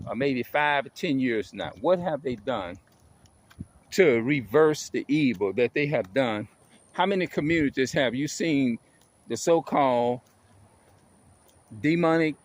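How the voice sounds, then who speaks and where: Emphatic, high-voiced ranting man. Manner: emphatic, repetitive, swearing. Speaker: vlogger. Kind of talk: ranting monologue.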